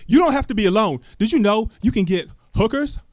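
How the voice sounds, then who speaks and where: A man's voice: high voice, animated, brisk, no echo. Loose, chatty male stand-up comic. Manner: loose, chatty, asks the crowd lots of questions, cusses freely. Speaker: stand-up comedian. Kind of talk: live stand-up set with crowd work. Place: small comedy club stage. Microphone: handheld stage mic.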